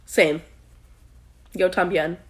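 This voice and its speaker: A woman's voice: fairly low pitch, fairly even intonation, slow pace, slightly rough. A woman guesting on a podcast, chatting casually, teasing bluntly and swearing freely. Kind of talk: casual chat.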